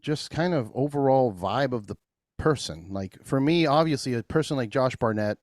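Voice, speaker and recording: A man telling loose stories as a podcast guest. He swears freely, laughs through the telling and acts out the other people in his stories with big jumps in pitch. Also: expressive, moderate pace, a little mellow, dry recording, studio quality. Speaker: podcast guest, craft beer brewer. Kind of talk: casual storytelling chat.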